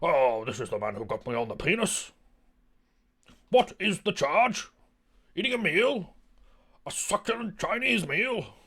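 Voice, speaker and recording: A man imitating a melodramatic performer resisting arrest, declaiming in a booming, over-dramatic way. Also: big pitch swings, unhurried, long pauses, sharp tone, slightly rough, exaggerated voice. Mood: theatrical.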